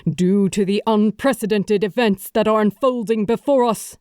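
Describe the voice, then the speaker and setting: A woman's voice: medium pitch, moderate pace, darkish tone, clean tone, dry recording, studio quality, close to an everyday voice. A woman reading an audiobook, voicing a grieving male warrior king giving an urgent, rallying speech to his army. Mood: urgent briefing.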